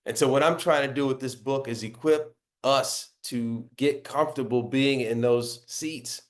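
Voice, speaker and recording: A man with a baritone voice answers as the interview guest. He explains his points earnestly and often tags his sentences with "right?". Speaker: author and guest.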